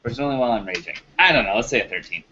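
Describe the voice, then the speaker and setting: A man playing a tabletop game, talking in an animated, jokey way. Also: medium pitch, racing, highs cut off, a little hiss or hum. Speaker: player.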